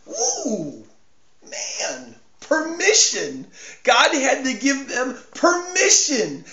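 A man with a high voice preaching a sermon. He swings from hushed asides to near-shouting and repeats words to drive each point home. The recording sounds dull and lo-fi, and the room echoes around him. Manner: repeats and stumbles over words for emphasis.

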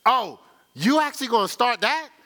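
Preacher acting out purpose as a sarcastic, dismissive character in a sermon; lower than his usual voice. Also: big pitch swings, normal speed, bright, forceful tone, heavily acted. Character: personified purpose, sarcastic and unimpressed.

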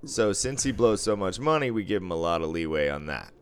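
Deep-voiced blunt, profane man. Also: sing-song, a little fast, clean tone. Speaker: casino dealer. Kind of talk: casual chat.

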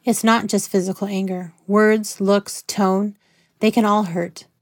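Woman voicing a kind counselor, soft-spoken, patient, soothing, dry close sound. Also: medium pitch, little pitch movement, unhurried, no echo, lightly acted. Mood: gentle.

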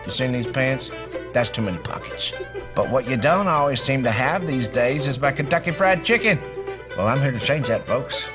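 An actor playing a folksy old male chicken colonel in a TV commercial, with a drawling pitchman delivery over music. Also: animated, normal speed, natural voice. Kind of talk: TV commercial acting.

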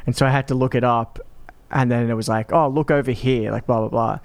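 A man's voice: mid-range voice, little pitch movement, fast talker, gravelly, no room sound. A man casually telling stories about a video game, laid-back and laughing along.

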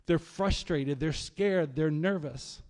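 A man preaching a sermon as pastor, telling stories in a lively, conversational way. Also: fairly high pitch, slow pace. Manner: storytelling, animated, conversational preaching. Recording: long hall reverb.

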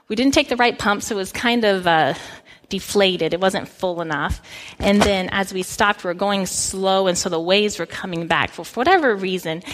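A middle-aged woman pastor giving a sermon, telling a personal story in a relaxed, conversational way with frequent restarts. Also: mid-range voice.

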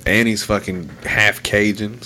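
A man ranting in casual podcast banter, swearing constantly and getting animated. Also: fairly low pitch, a little slow, a little hiss or hum.

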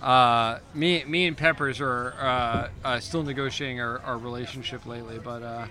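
A man's voice: medium pitch, fairly even intonation, normal speed. A man hosting a casual chat, rambling and restarting as he tells stories, sitting at an outdoor table. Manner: rambling storyteller, frequent restarts and fillers. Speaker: podcast host.

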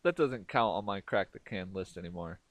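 A man's voice: low voice, animated, fairly quick, no room sound. A man co-hosting a casual chat podcast, tossing in wry, crude quips about a movie. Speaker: podcast co-host.

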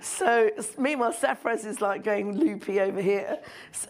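A middle-aged woman, a filmmaker guest on stage, telling an animated anecdote with frequent laughter and mimicry. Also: mid-range voice, moderate pace.

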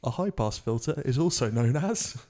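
A man hosts a casual podcast quiz, reading questions aloud. He jokes and laughs often. His voice sits at a mid pitch. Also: expressive, normal speed, darkish tone. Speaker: podcast host, quizmaster.

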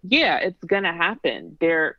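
A woman's voice: lowish voice, unhurried, no room sound. A woman talking bluntly and with energy in a casual podcast chat, laughing now and then as she tells stories. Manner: blunt, animated, laughs while telling stories. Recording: dry, dull lo-fi sound.

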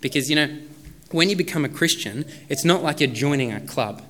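A man's voice: on the high side, animated, a little fast, a bit bright. A man in his thirties preaching a sermon as a pastor, in a casual, conversational way with many fillers.

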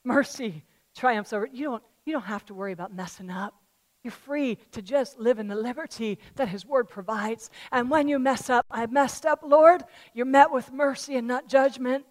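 A woman pastor preaching a sermon, swinging between loud fervent declarations and quiet conversational asides, telling a parable in a chatty way. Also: fairly high pitch, moderate pace. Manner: tells a parable in a chatty storytelling way.

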